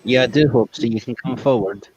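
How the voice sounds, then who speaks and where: A man leading a ghost-hunting spirit box session on a livestream, calmly questioning the spirits and coaxing them to come forward. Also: mid-range voice, a little fast, slight background noise, rough recording. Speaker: paranormal investigator streamer.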